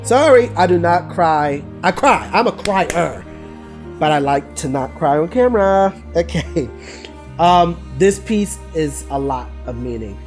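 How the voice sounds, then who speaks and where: A man of thirty chats on camera about his artwork in a fairly high, light voice, candid and a little emotional, often trailing off and restarting his sentences. Faint music plays softly underneath. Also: lively intonation, a little slow. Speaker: artist reviewing his own work. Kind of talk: casual talking-head vlog.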